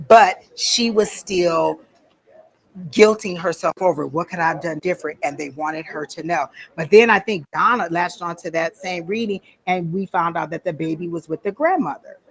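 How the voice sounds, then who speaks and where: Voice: medium pitch, rough recording. A psychic medium giving an informal live talk at a fair, telling stories and acting out the dialogue. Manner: chatty storytelling, acting out dialogue. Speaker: psychic medium teaching a class. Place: psychic fair event room.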